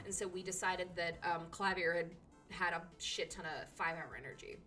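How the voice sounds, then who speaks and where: A woman streamer chats casually, giggling often and swearing offhandedly. Her voice is bright and clear. Soft music plays faintly behind her. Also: fairly low pitch, moderate pace. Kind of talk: casual chat.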